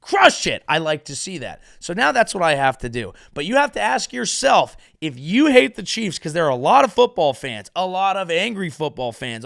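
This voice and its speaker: A man from California delivering a rambling, sarcastic comedic monologue as host, veering from mumbled asides to loud outbursts. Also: high voice, big pitch swings, normal speed, creaky, hardly any pauses, no room sound, clean studio sound.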